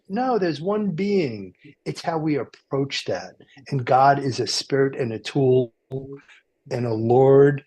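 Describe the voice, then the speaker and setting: A man's voice: mid-range voice, animated, slow, warm tone. A man hosting a radio talk show from a car dealership, rambling and joking with plenty of fillers and restarts. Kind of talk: casual chat.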